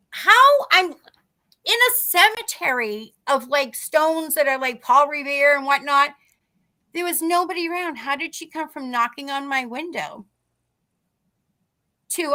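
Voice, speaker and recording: A woman's voice: high voice, sharp tone. A middle-aged woman telling a ghost story on a podcast in casual talk, acting out the people she quotes. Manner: acts out quoted people in dialogue. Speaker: guest telling a paranormal story.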